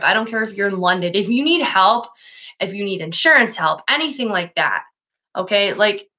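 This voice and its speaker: A woman's voice: medium pitch, bright, forceful tone, muffled recording, slight background noise. A woman live-streaming an emotional monologue, upset and sad, swearing, trailing off and restarting her sentences. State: sad and agitated.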